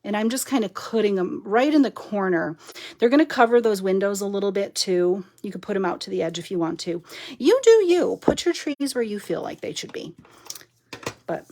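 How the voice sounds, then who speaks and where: A woman's voice: mid-range voice, expressive, brisk, a little mellow. A chatty, giggly woman talking to her viewers while she works on a papercraft project during a live stream. She says she is overtired and punchy. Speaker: papercraft demonstrator. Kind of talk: live-stream crafting chat.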